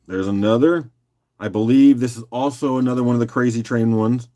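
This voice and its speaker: A man hosting a casual live-stream rock auction, joking and chatting with viewers by name in a loose, unhurried way. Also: mid-range voice, mellow. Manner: loose and unhurried, with fillers and restarts while doing other tasks.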